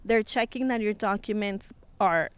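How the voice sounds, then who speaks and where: A young woman tells a story in casual chat, acting out every quoted line with a lifted, lively voice. Her pitch sits in the middle for a woman. The sound is dry and close. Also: normal speed, clear, resonant tone, no echo. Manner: animated, acts out quotes with a rising voice. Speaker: co-host of a couple's channel.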